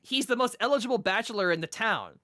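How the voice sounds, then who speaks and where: A man co-hosting a casual podcast chat, rambling excitedly with lots of fillers and restarts. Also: sits high, fast talker, no echo. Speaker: podcast co-host.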